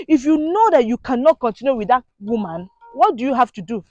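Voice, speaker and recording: High-voiced indignant woman vlogging. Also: expressive, fairly quick, hardly any pauses, darkish tone, no echo. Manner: preachy, indignant, rhetorical questions. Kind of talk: impassioned monologue to camera.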